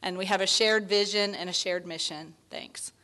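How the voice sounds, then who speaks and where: A Texas woman in her fifties gives an emotional acceptance speech after receiving an award, her mid-range voice warm with feeling as she fights back tears. Speaking at a moderate pace with a steady tone, she thanks everyone sincerely and unpolished, with soft laughs and plenty of "um"s.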